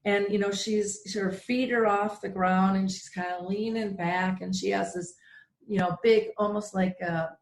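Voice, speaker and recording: Middle-aged woman, radio host, heartfelt storytelling, mid pitch, roomy echo. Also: a little slow, slight background noise. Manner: earnest, emotional storyteller with lively quoted voices. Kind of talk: personal storytelling in a radio interview.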